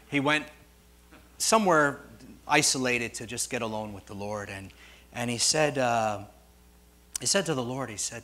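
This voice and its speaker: Middle-aged pastor preaching animatedly. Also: male voice, medium pitch, lively intonation, measured pace, long pauses. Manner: storytelling, digressive, swings from quiet to loud; jokes with congregation. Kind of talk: sermon.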